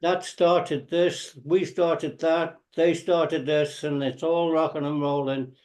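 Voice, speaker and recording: Scouse man, slightly high voice, chummy toasting guest on a call. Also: flat delivery, slow, a little mellow. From England. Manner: chummy, toasting, loose phrasing.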